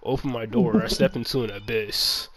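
A man's voice: on the low side, moderate pace, poor audio. A man casually telling a rambling, profanity-laced story, acting out bits of dialogue, with crowd chatter behind. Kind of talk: casual chat.

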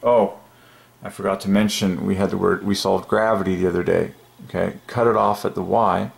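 A channel host with a very deep, heavily gravelly voice delivers an excited, casual religious monologue straight to camera for his viewers. He speaks emphatically at a moderate pace, often breaking into little chuckles.

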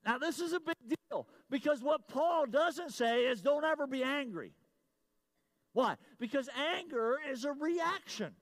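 High-voiced pastor preaching with swings. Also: male voice, animated, unhurried. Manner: swings from loud emphatic lines to low confiding asides, repeats key phrases. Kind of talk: sermon.

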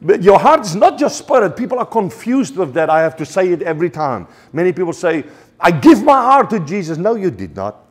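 South african guy preaching, all fired up, stumbles and restarts a lot, kinda high voice. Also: sing-song, fairly quick, breathy edge. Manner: passionate, repetitive, with stammered restarts. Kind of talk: sermon.

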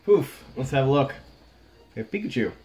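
A young man casually talking through opening trading card packs on a vlog, frustrated, swinging between low muttering and sudden outbursts. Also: very animated, moderate pace, noisy background. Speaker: card pack opener.

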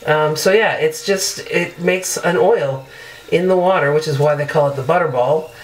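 A woman's voice: low voice, moderate pace, rough recording. A woman beauty vlogger chatting casually through a product demo in her bathroom, upbeat and loose with fillers.

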